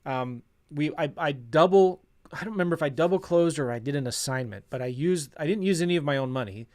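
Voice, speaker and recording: A middle-aged man talking casually as a real estate coach, telling a story and acting out old conversations with a self-deprecating, animated manner. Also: on the high side, a little fast. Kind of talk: casual storytelling to an online audience.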